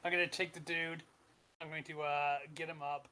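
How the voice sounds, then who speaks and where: Male player; casual, hesitant, thinking out loud, voice a touch high. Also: level tone, moderate pace, clean tone, poor audio. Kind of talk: tabletop game play.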